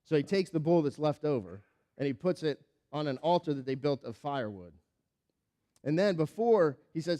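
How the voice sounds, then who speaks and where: A man preaching a sermon, his voice sitting a little high but mellow and warm in tone. He tells the story with lively energy, acting out each character, and then drops low and quiet when he applies the lesson. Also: moderate pace. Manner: animated storytelling, acting out the characters with big swings in loudness. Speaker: pastor.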